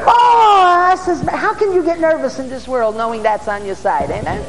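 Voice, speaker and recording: Brief: excitable New street preacher, man, high voice, shouts and amens, echoing hall. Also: fairly quick, noisy background. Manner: excitable, bursts into shouts, asks the crowd for amens. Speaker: preacher, former police officer. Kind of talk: storytelling sermon.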